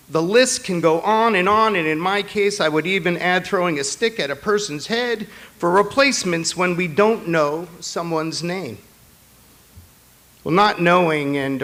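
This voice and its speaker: A rabbi giving a holiday sermon to his congregation, mixing personal stories and gentle humor with earnest appeals. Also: a little high.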